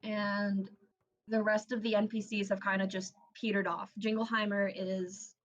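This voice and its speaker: A woman's voice: mid-range voice, little pitch movement, measured pace, dull audio. A tired woman narrating as game master, casual and swearing, often laughing and tripping over her words.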